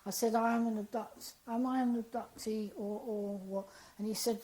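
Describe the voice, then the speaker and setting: A woman, an interview guest, telling a personal story in a lively, animated way and acting out the dialogue she quotes. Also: medium pitch, moderate pace, poor audio.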